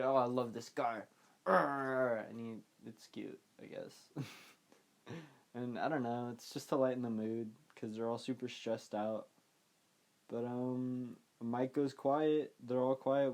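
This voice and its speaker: A man's voice: mid-range voice, dark tone. Young man, casual film recap, rambling, offhand, trailing-off asides. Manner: rambling and offhand, frequent "like" and "I don't know". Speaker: podcast host recapping a film.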